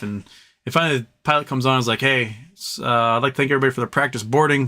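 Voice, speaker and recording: A man's voice: medium pitch, bright, forceful tone. Rambling, foul-mouthed male storyteller. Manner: rambling, profane, repeats phrases for effect. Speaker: live show host. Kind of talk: casual storytelling.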